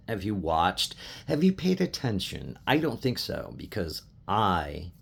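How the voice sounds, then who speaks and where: A man's voice: low voice, huge pitch swings, unhurried, gravelly, a bit bright, breathy edge. A middle-aged man from Colorado, a sports fan, talking passionately to camera in an emotional rant, repeating himself, swearing, and getting choked up. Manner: impassioned, repetitive, swearing, restarts.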